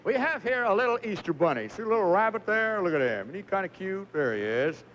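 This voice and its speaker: High, lively 1950s game show host man. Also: fast, a little hiss or hum. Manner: chatty, jokey, coaxing contestants through stunts. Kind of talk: live TV game show hosting. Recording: muffled 1950s TV broadcast audio.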